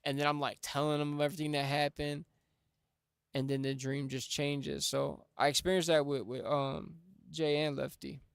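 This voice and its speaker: A man's voice: fairly high pitch, flat delivery, moderate pace, gravelly, smooth, no room sound, clean studio sound. Earnest slangy man on a stream. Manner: earnest, heartfelt, slangy with frequent "like" and "bro". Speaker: music livestream host. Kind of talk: casual livestream storytelling. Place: home music studio. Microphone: studio microphone.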